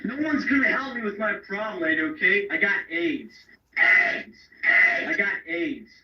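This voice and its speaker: A man's voice: high-pitched, expressive, normal speed, background noise. An actor playing a desperate man pleading for help in a movie clip. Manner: pleading, repetitive. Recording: echoey lo-fi clip from a TV, distant.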